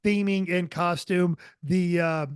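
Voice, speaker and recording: A man co-hosting a motoring podcast in a loose, rambling way, stopping often for fillers and little asides. His voice sits a bit high for a man. It sounds close and dry, with no room around it. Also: steady tone, slow pace, smooth, dry recording. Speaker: podcast co-host. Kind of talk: casual chat.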